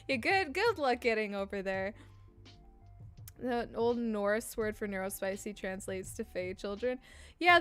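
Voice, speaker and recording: A woman's voice: a little high, fairly bright tone, clear, resonant tone. A woman streamer in casual chat with her viewers, talking in a chatty, playful way.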